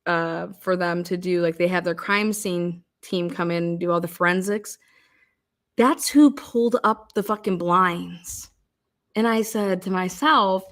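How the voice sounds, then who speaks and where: A woman's voice: lowish voice, a bit bright. A middle-aged woman telling stories in a casual monologue, profane and exasperated, acting out quoted voices. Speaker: commentator on a criminal case.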